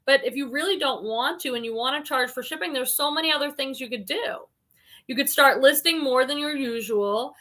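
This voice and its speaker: This reseller livestream host speaks fairly quickly in a high, somewhat bright voice. Chatting casually, she reads comments from viewers aloud, peppering everything with "um" and "like."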